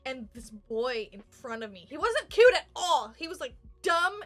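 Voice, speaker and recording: A young woman with a high, bright voice tells a story on a podcast. She is animated, laughs often and gets loud when she acts out quotes. It is relaxed, casual chat. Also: moderate pace, faint music behind. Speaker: podcast co-host.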